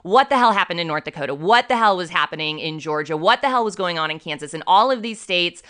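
A woman's voice: lowish voice, expressive, quick pace, a bit bright, clear, resonant tone. A woman co-hosting a podcast, talking politics in an emphatic, blunt way with casual swearing. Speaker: podcast co-host.

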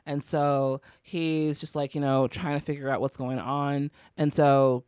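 Chatty young co-host with a mid-pitched voice. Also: level tone, darkish tone, clean tone, no echo, clean studio sound. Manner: chatty, halting, heavy use of "like". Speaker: podcast co-host. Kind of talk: casual TV recap chat.

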